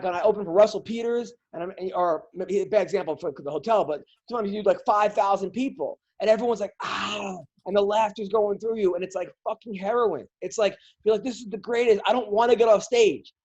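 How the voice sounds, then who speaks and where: A man's voice: high voice, a little mellow, lo-fi sound. A man who is a comedian, telling stories animatedly in casual podcast chat and swearing a lot.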